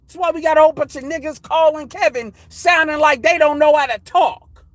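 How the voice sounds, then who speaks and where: A man's voice: extremely high pitch, fairly quick, a bit bright, dry recording, poor audio. A man talking straight to viewers in a blunt, profane, heated rant, sometimes mimicking other people in quoted asides. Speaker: vlogger. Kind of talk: ranting monologue to viewers.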